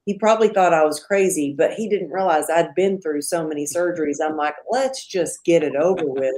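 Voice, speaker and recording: Middle-aged woman, podcast guest; low-ish voice, animated storyteller voicing the quotes. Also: brisk, hardly any pauses. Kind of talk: casual storytelling.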